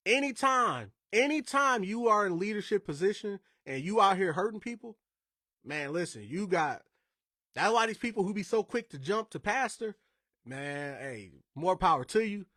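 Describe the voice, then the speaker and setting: A podcast host from Indiana tells stories in a casual, emphatic manner, drifting into rambling asides. His voice sits high and sounds animated and sharp, moving at a normal speed. The recording is studio quality with no room sound.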